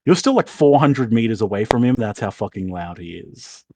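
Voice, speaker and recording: A man's voice: lowish voice, very animated, moderate pace, background noise. A man narrating as game master in a loose, rambling way, swearing casually.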